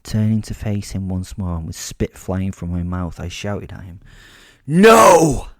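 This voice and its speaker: A man narrating a first-person audio drama in a menacing, deliberate way. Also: deep voice, fairly even intonation, mellow, dry recording, studio quality.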